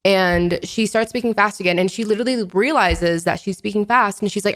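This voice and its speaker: A woman co-hosting a casual podcast chat, animated and full of "like" and "okay, so". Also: medium pitch, moderate pace, hardly any pauses. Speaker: podcast co-host.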